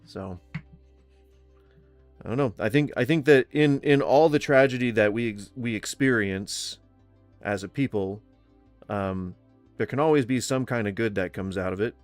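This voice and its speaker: A man from Florida hosting a casual livestream, rambling with fillers and restarts, blunt and quick to swear. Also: fairly low pitch, no room sound. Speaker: livestream host. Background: faint music.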